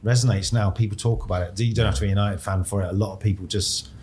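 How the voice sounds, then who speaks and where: A man's voice: fairly low pitch, fairly even intonation, very fast, darkish tone, slight background noise. A man co-hosting a casual podcast chat, talking in fragments and swearing casually, in a makeshift hotel studio. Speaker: podcast co-host.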